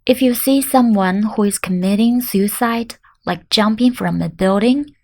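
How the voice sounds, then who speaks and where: A woman teaching beginner Chinese, repeating each word slowly and clearly for the learner. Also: mid-range voice, a little mellow. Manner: clear, deliberate pronunciation drills. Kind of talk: slow language lesson.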